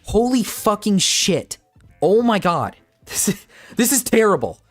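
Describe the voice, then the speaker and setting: A man's voice: high voice, sing-song, measured pace, faint music behind. A man doing reaction commentary, ranting in exasperation and swearing often, talking to his chat like a streamer. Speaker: drama commentator.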